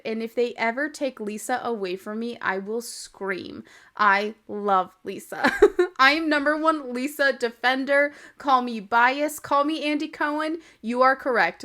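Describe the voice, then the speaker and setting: A young woman hosting a podcast, chatty and opinionated, who breaks into laughter often. Her voice sits a little high, close on a podcast microphone. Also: a bit bright. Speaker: podcast host. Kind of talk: casual reality-TV recap.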